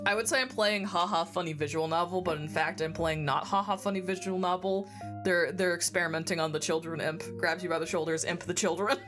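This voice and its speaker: A woman's voice: lowish voice, fairly even intonation, brisk. A woman streamer chatting casually while playing a game, giggling often and swearing freely, her throat phlegmy and congested. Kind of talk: casual chat while gaming. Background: game music.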